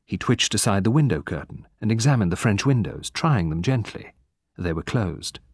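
A man narrating an audiobook in a steady, measured storytelling manner. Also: lowish voice, husky, no echo, studio quality.

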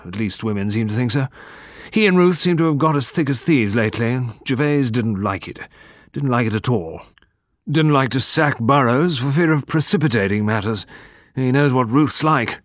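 A man voicing a blunt, gruff old military colonel who talks in brisk, clipped phrases. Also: medium pitch, expressive, no room sound, clean studio sound, natural voice. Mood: confiding.

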